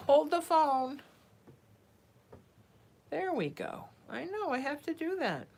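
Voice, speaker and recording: A woman's voice: high-pitched, very animated, slow, gravelly, a little mellow. A woman psychic hosting a casual live stream, reading out viewer names and cooing at her cat between readings. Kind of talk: casual livestream chat.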